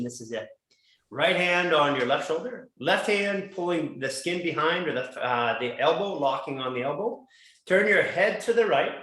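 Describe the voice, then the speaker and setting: Man instructor, high voice, echoey studio, calm rhythmic cueing of breaths and stretches. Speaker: fitness class instructor. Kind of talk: guided breathing and movement instructions.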